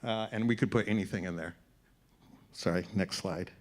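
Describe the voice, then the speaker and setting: A man's voice: sits low, normal speed. A man speaking as a conference presenter, explaining slides in an upbeat way to a live audience in an event room. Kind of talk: short-format tech presentation.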